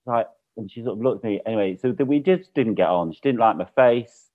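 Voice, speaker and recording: A British man telling a lively anecdote in casual chat, laughing as he goes. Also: on the low side, brisk. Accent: British English. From Britain. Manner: chatty storyteller, laughs often. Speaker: guest. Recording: phone-like narrow sound.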